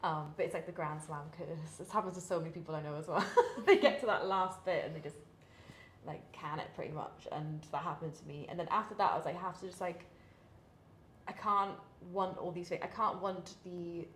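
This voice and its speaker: A woman's voice: on the low side, fairly even intonation, fairly quick, a bit bright. A young British woman, a professional athlete, chatting candidly in an interview with lots of fillers and laughs. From Britain. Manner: chatty, many fillers, laughs between thoughts. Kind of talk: candid casual interview talk. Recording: echoey room, faint hiss.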